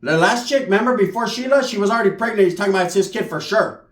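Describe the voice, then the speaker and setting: Profane, fast-slang storyteller. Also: male voice, high voice. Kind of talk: comedic storytelling. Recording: roomy echo.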